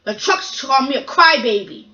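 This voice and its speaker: A woman's voice: high-pitched, animated, moderate pace, sharp tone, highs cut off, voice pushed up. Woman voicing a grumpy big steam engine.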